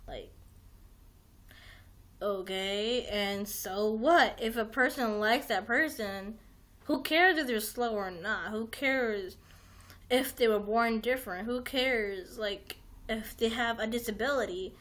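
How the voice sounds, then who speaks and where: Woman, young adult, higher-pitched, casual livestream chat, rambling, restarts, swears. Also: slow pace, a bit bright. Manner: rambling, heavy use of "like", frequent restarts, swears. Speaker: livestream host.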